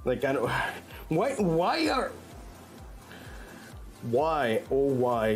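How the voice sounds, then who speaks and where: A casual male streamer who talks in a loose, rambling way, full of swearing, restarts and fillers. His voice sits at a middle pitch, and faint music plays underneath as he chats with his viewers.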